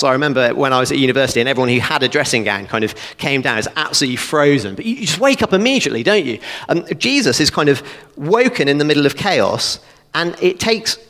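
A man delivers an animated, chatty expository sermon and keeps breaking in with joking asides. His voice sits a little high and swings up and down through a wide range. The sound carries a long reverb, as in a church hall. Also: quick pace. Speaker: preacher.

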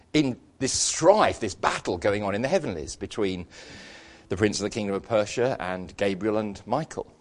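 Brief: male pastor, middle-aged, animated sermon storyteller, wry humour, very expressive pitch. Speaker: preacher.

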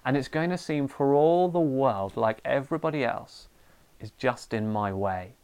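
A middle-aged man preaching a sermon, animated and lively, sometimes acting out a ranting parent. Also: medium pitch, moderate pace, clear, resonant tone.

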